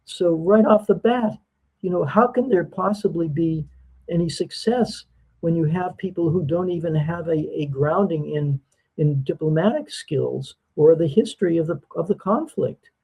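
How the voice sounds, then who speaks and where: Husky, mellow-voiced male guest. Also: on the high side, poor audio. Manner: measured, halting, with ums. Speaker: guest commentator. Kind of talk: political commentary chat.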